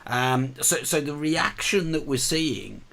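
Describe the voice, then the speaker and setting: Casual male co-host; bright tone, stop-start delivery full of fillers. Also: fairly high pitch, animated, gravelly. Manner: halting, with many fillers and restarts. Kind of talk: casual online show chat.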